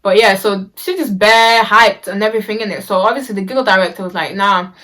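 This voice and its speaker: A woman's voice: medium pitch, quick pace, a bit bright. Young woman, casual storytime vlog, chatty, slangy, lots of ums and restarts.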